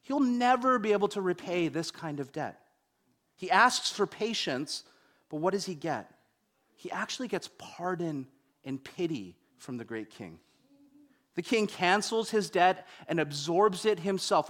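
Animated young man preaching a sermon. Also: sits high, measured pace. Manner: animated storytelling, wide swings between loud and hushed.

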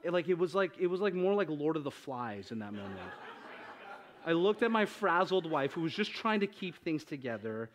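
A man in his thirties preaches a sermon with a high voice that swings widely up and down. He is animated and jokey, and he keeps turning to the crowd with questions. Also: moderate pace. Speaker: pastor.

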